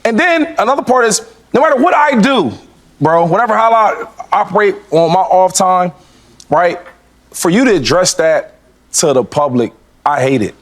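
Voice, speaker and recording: A man's voice: high voice, animated, normal speed. A man on a sports debate show giving an emphatic opinion, repeating himself and addressing the listener directly.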